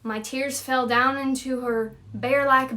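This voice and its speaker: A woman voicing an excitable young Scottish lass, loud and gushing, laughing through her lines. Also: medium pitch, takes it slowly, gravelly, distant mic.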